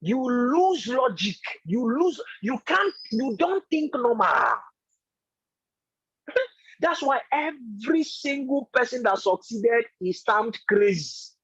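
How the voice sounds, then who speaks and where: A man's voice: very high voice, slightly rough, no room sound, highs cut off. A man giving an emphatic, repetitive motivational talk as a business coach in an online meeting.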